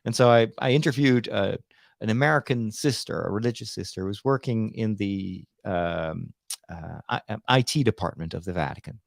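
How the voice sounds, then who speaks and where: A man chats casually about church news, his middle-pitched voice carrying a gravelly edge. He talks in a halting way, full of fillers and restarts, and the sound is close and dry. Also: dry recording. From Netherlands. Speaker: priest and co-host.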